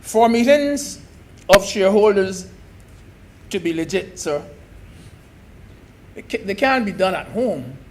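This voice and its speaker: High-voiced, slow senator. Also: male voice, lively intonation, a little mellow, a little hiss or hum. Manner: emphatic, repeats key phrases, addresses the chair as sir. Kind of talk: parliamentary debate speech.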